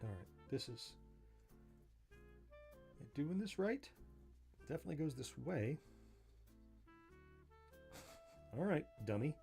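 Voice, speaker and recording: A man's voice: fairly high pitch, big pitch swings, slow pace, vocal fry, pauses often, dark tone, soft background music. Folksy Southern man thinking aloud. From born in southern Florida, family from Missouri. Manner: folksy and self-mocking, thinks aloud, chuckles often. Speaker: livestream host taking apart a joystick. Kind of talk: casual livestream commentary while working.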